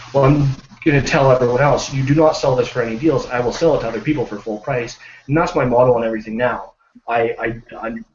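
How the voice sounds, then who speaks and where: A man's voice: mid-range voice, a little hiss or hum. A man on a group video call, casually telling a success story and acting out the people in it. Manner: animated, acts out quoted voices. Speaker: team member sharing a success story. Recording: roomy, dull lo-fi video call audio.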